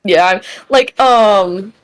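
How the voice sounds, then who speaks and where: A woman's voice: medium pitch, slow. Woman hedging with lots of fillers. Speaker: player. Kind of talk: casual tabletop chat.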